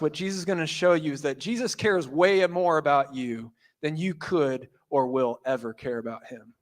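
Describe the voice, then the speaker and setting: Preacher guy, high voice, super animated storytelling. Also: normal speed, few pauses. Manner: animated storytelling, acting out quotes. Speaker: pastor. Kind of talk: sermon.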